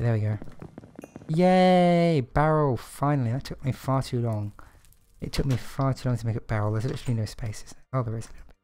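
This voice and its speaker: A man talking through his gameplay in a loose, chatty voice of middling pitch. He mocks himself easily and keeps up a running commentary, with faint music playing under his voice. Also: warm tone. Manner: chatty, self-deprecating, talks to himself while playing. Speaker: streamer.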